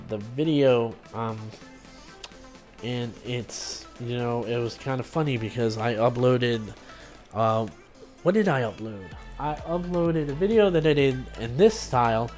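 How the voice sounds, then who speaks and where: A man's voice: medium pitch, a little mellow. Rambling man vlogging, faint music behind. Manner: rambling, loose, with many fillers and restarts. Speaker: gaming YouTuber and streamer. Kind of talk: casual vlog talk to camera.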